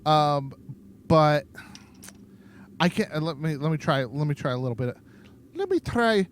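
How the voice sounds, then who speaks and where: A man's voice: a little high, steady tone, moderate pace, a little hiss or hum. A man in his thirties co-hosting a podcast, rambling boisterously in a casual chat and laughing often. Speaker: podcast co-host.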